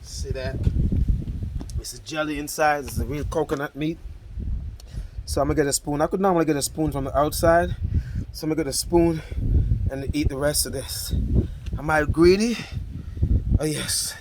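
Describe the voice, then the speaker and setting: A man's voice: a little high, fairly even intonation, normal speed, long pauses, background noise. A man vlogging casually outdoors in the countryside, laid-back and chatty, talking straight to his viewers. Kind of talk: casual chat to camera.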